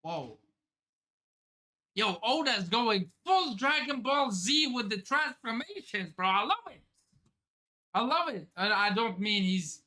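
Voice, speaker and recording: This woman runs a live manga reaction stream, exclaiming, cursing, laughing and musing aloud as she reads, all in an excited commentary style. Her medium-pitched voice comes across as pushed and bright.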